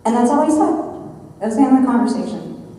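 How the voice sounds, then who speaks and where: A woman in her thirties, a guest speaker giving an earnest, measured personal testimony. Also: on the high side, sing-song, mellow. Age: 30s. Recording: echoey hall, mic far off.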